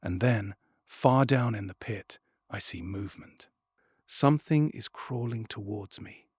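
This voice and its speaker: Storybook narrator: man, low and husky, expressive first-person reading. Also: a little slow, no echo, clean studio sound. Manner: expressive, dropping to a hush at tense moments. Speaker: audiobook narrator.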